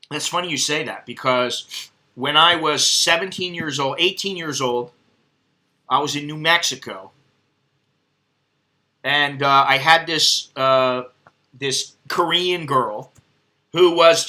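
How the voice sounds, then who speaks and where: A man's voice: on the high side, unhurried, long pauses, sharp tone. A middle-aged man telling crude, rambling stories in a casual vlog monologue, swearing freely. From United States. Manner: crude, profane, rambling anecdotes. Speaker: vlogger.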